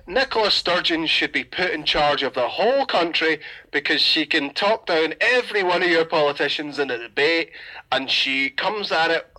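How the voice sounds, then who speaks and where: An actor playing a blunt, foul-mouthed Scottish sheep-farmer caller on a phone-in radio comedy sketch. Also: male voice, on the high side, expressive, normal speed, pushed and bright, poor audio. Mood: gruff. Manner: blunt, sweary, mocking.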